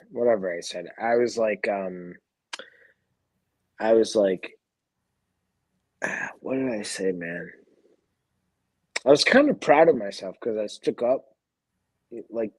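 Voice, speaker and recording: Slow husky drunk man. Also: fairly low pitch, darkish tone, dry recording, poor audio. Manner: profane, rambling storytelling. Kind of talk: casual livestream chat.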